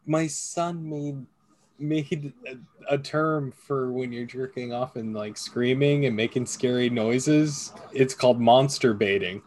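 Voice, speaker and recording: A man's voice: mid-range voice, dry recording. A man in his thirties chatting casually as a podcast co-host, telling crude stories and acting out the voices of the people in them. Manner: crude, animated storyteller who acts out quoted voices. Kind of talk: casual chat.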